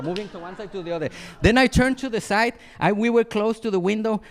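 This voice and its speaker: Male monk, high voice; animated storyteller who mimics sounds. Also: quick pace, few pauses. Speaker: monastic teacher. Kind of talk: dharma talk with storytelling. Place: retreat hall.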